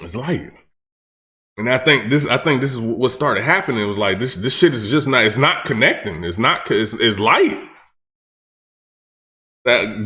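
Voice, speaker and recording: A man's voice: medium pitch, expressive, moderate pace, long pauses, pushed and bright. A man hosting a reaction channel who talks in casual slang, breaks down battle rap lines, often repeats himself and restarts his sentences.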